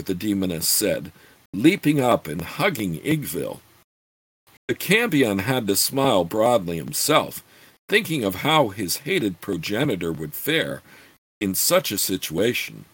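A man narrating a fantasy audiobook in an expressive, lively read-aloud way. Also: lowish voice, measured pace, breathy edge, no room sound.

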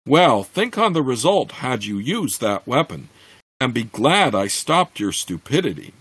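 A man voicing a stern, scornful female weretiger who scolds others in a storybook reading, in a husky voice. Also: mid-range voice, sing-song, measured pace, fairly bright tone, dry recording, heavily acted. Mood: scolding. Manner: scornful, commanding.

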